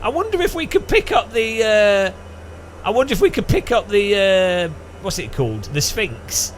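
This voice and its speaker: A man's voice: high-pitched, big pitch swings, normal speed, a little hiss or hum. A man giving rambling, jokey gameplay commentary, thinking aloud. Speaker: gaming channel host.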